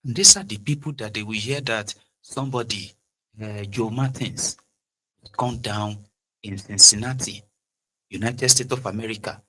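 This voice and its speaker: A middle-aged man with a Nigerian Yoruba accent, hosting a political commentary monologue in an animated way, slipping into Pidgin and Yoruba and acting out quoted exchanges. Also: lowish voice, normal speed, long pauses. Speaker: commentary show host.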